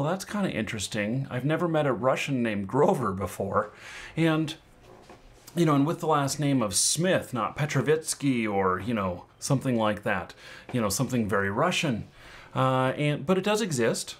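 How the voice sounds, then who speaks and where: A man giving casual advice to viewers, rambling and leaning heavily on filler words as he talks. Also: mid-range voice. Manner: rambling, full of "you know" and "um" fillers. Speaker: online game-currency seller and fraud consultant. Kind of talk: casual advice talk to camera.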